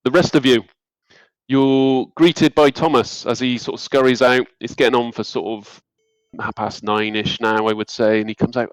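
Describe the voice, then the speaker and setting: A man's voice: medium pitch, steady tone, moderate pace, no echo, low-quality recording. A man narrating a tabletop game as game master in a rambling, hesitant way.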